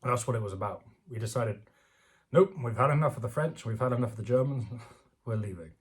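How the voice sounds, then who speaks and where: A British man with a husky, phlegmy voice, rambling and sarcastic as he reads an article aloud and rants about it, laughing often. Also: mid-range voice, brisk. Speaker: commentator reading news aloud. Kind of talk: casual rant reacting to an article.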